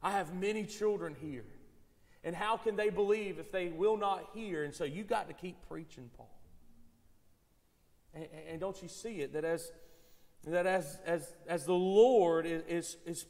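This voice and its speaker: A male pastor preaches to his congregation with earnest conviction, often doubling back on his words before pressing on. His voice sits high for a man. The church around him rings with a long reverb. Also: measured pace, darkish tone. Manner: earnest, repeats words when starting phrases. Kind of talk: sermon. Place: church sanctuary.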